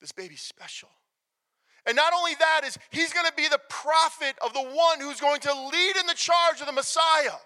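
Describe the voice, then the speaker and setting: A man preaching a sermon, emphatic, swinging from loud declarations to hushed near-whispers. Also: very high-pitched, normal speed. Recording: long reverb of a large hall.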